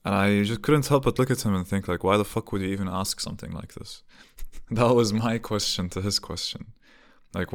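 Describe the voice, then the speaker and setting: Gravelly deep-voiced man musing aloud. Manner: rambling, thinking aloud with many restarts and rhetorical questions. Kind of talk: casual reflective monologue.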